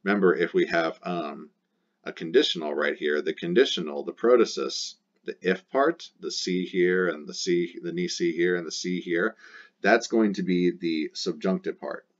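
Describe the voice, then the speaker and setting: A man's voice: deep voice, normal speed, lo-fi sound. A man teaching a Latin lesson, explaining step by step with frequent hesitations and sudden bursts of emphasis.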